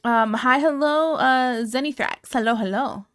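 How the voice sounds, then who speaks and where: A woman's voice: high voice, a little slow, a bit bright, no room sound, clean studio sound. A woman live streamer chatting casually with her viewers, blunt and candid, laughing often. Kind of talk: casual chat reacting to viewer comments.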